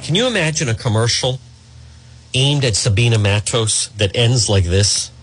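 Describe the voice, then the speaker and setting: A man's voice: moderate pace, music in the background. A man hosting a talk radio show, delivering an opinionated monologue in a sarcastic, mocking way. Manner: sarcastic, mocks voices in a high put-on tone.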